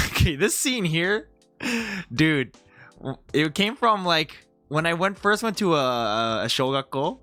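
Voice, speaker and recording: A young man chatting casually as he reviews his own comedy video, animated and full of restarts. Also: fairly high pitch, unhurried, no echo, faint music behind. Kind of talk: casual commentary.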